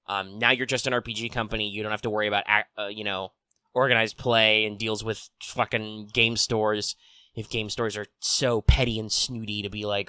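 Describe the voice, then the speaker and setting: A man hosting a tabletop role-playing news show, chatting casually and rambling with frequent pauses and restarts into a desk microphone. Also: on the low side, steady tone, pushed and bright, clear, resonant tone, no echo. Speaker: tabletop RPG news host. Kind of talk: casual solo chat. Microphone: desk mic on arm.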